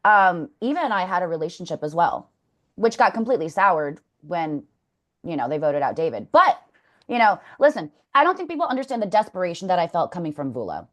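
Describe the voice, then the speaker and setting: A woman's voice: on the low side, very animated, brisk. A woman talking candidly as an interview guest, blunt, swearing freely and telling stories with energy. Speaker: former contestant, interview guest.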